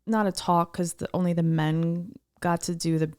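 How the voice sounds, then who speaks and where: A woman's voice: on the low side, steady tone, moderate pace, a little mellow, smooth. A woman co-hosting a podcast in casual chat, giggly and rambling with frequent restarts. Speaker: podcast co-host.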